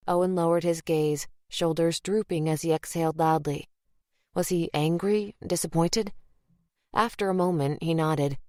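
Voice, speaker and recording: A woman narrating a crime thriller audiobook in a measured, even way. Her voice sits low and the recording is dry and close, with no room sound. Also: no room sound. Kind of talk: scripted narration.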